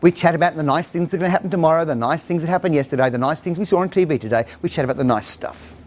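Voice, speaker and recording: A man's voice: on the high side, rapid-fire. A middle-aged man giving a humorous talk to parents, acting out bits of dialogue. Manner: animated storytelling, acts out dialogue. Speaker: speaker on parenting.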